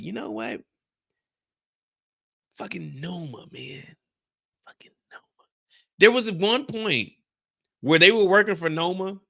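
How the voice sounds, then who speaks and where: Gravelly, animated male streamer. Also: fairly high pitch. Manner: animated, profane storytelling to chat. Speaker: streamer recapping a TV episode. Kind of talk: live-stream episode recap.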